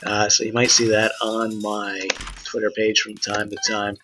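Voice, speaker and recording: A man's voice: on the low side, completely flat delivery, normal speed, background noise. A man in his thirties streaming a video game, rambling through casual commentary with lots of "uh" fillers.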